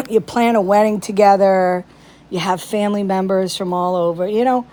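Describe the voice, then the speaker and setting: A woman's voice: mid-range voice, steady tone, moderate pace, darkish tone. A woman ranting in casual commentary on a phone livestream, indignant and piling up rhetorical questions.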